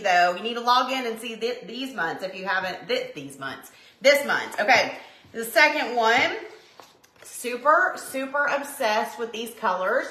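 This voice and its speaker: A woman's voice: a little high, pushed and bright. A woman hosting a casual live stream, chatty and gushing, calling her viewers y'all. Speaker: livestream host showing craft printables. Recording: roomy echo.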